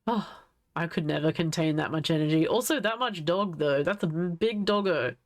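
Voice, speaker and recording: A woman's voice: fairly low pitch, normal speed. A woman streamer chatting casually on a live stream, gushing and giggling as she reacts to what is on screen. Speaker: livestreamer.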